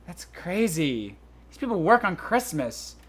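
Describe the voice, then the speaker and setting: A man voicing a bubbly, excitable young woman sidekick with shrill, squealing outbursts in a comedic let's-play. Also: unhurried, husky, exaggerated voice. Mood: chirpy.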